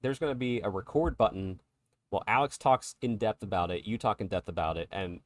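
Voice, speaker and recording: A man with a fairly low voice in relaxed, chatty conversation as a podcast co-host. The sound is dry and close, with no room around it. He rambles easily and laughs along. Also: brisk, dry recording. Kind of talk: casual chat.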